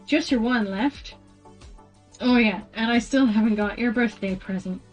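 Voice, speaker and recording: A woman doing a gruff, kindly giant of a man. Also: on the high side, measured pace, soft background music. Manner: gruff, with a wandering put-on accent. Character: big gruff kindly male giant groundskeeper.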